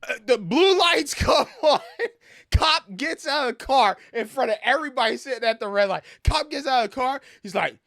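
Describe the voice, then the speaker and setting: Man in his thirties, high-pitched, dry close sound, animated swearing rant, gameplay commentary. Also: normal speed, dry recording. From Brooklyn, New York. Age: 30s. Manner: animated storytelling, frequent laughter and swearing. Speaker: gaming streamer. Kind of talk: casual ranting commentary over gameplay.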